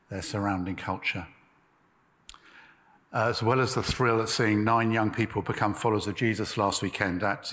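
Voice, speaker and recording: A man preaching a sermon in a measured, emphatic way, with pauses. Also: fairly low pitch, fairly bright tone, big-room sound.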